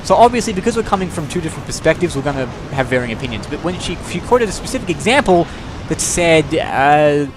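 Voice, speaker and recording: Animated young man ranting over game play. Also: on the high side, quick pace. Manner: opinionated, rambling, swears freely, many restarts. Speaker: let's play commentator. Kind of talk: gameplay commentary rant. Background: game music.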